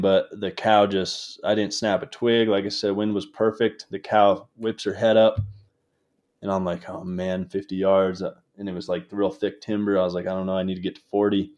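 A young man telling a hunting story in casual talk, animated and laughing as he goes. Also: on the low side, highs cut off. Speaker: guest, game call maker.

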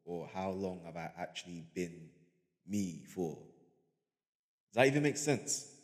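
A man's voice: low voice, expressive, slow, in a large hall. A young man hosting a casual solo podcast, rambling and laid-back, leaning on slang and fillers as he muses. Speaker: podcast host.

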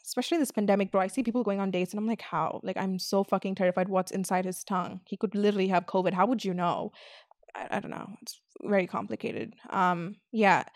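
A woman's voice: medium pitch, steady tone, quick pace, dry recording, studio quality. A young woman hosting a podcast, ranting bluntly and swearing a lot in casual chat. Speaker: podcast host.

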